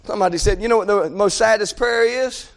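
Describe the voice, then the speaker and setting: Impassioned high-voiced preacher. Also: male voice, brisk. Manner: impassioned, swings between shouting and hushed. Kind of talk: sermon.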